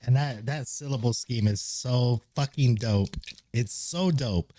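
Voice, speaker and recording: A man's voice: mid-range voice, measured pace, mellow, no room sound, faint music behind. A man streaming live, reacting to a song in casual, enthusiastic commentary full of swearing and restarts. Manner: enthusiastic, profane, rambling with restarts.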